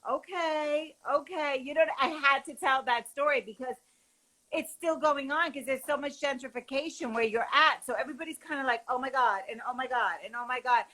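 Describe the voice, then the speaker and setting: A woman from New joins a live stream over her phone as a guest. Her voice is high and bright, and she tells stories in a chatty, excitable way. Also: moderate pace, poor audio. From New York. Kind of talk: casual live-stream chat.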